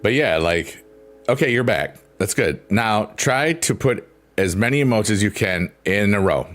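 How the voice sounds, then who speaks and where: A man's voice: on the low side, animated, normal speed. A man streaming live, chatting casually and playfully with his viewers, rambling and laughing often. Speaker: livestreamer. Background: soft piano.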